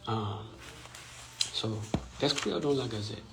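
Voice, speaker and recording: Guy on a live stream, low gravelly voice, explains things and keeps asking right?. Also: expressive, a little slow, heavy background noise. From Louisiana. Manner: explanatory, often checks in with "right?". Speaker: host. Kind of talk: informal live-stream talk. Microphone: phone or computer mic on a social-media live stream.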